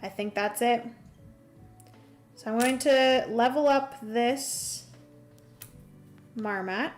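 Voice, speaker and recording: Slow, chatty woman streaming a board game. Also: a little high. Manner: chatty, thinks aloud while playing, greets chat warmly. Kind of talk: solo board game livestream commentary.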